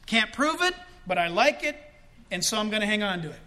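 A man preaching a sermon in an animated way, breaking into shouts for emphasis and joking as he goes. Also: high-pitched, a little fast. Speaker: pastor.

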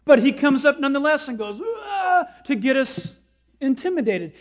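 A pastor with a high, light voice delivers a sermon to his congregation. His preaching is dramatic, jumping to sudden shouts and sinking to a hush as he acts out quoted lines. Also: brisk, faint music behind.

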